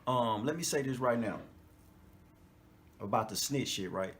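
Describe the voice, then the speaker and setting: A man's voice: medium pitch, measured pace, slight background noise. A man hosting a podcast in a casual, profane monologue, laughing often and checking in with his listeners. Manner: animated, profane, laughs often, frequent "you know what I'm talking about". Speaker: podcast host.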